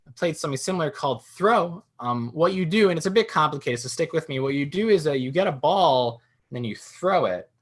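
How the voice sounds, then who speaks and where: A young man doing a stand-up comedy set from home, telling jokes with deadpan punchlines and acting out silly voices. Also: on the high side, fairly quick, few pauses, husky. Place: at home in a swivel chair.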